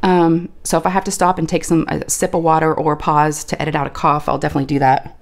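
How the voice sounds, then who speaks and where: A woman chatting casually while she crafts on camera. Her voice is deeper and scratchy from allergies, and she talks in a folksy, chatty way, saying "y'all.". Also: level tone, fast. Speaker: crafting video host.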